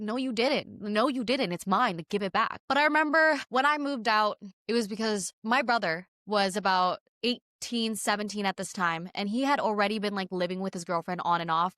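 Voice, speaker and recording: Young woman, podcast host, casual candid storytelling, rapid delivery, dry close sound. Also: medium pitch, fairly bright tone, no room sound. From Canada. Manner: rambling, many "like"s, emphatic and candid.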